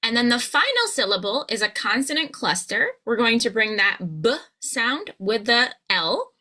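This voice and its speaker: An American woman giving a pronunciation lesson as a coach, slowing down to model each sound. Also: fairly high pitch, sing-song, pushed and bright. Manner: slow drawn-out modelling of sounds. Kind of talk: scripted pronunciation lesson to camera.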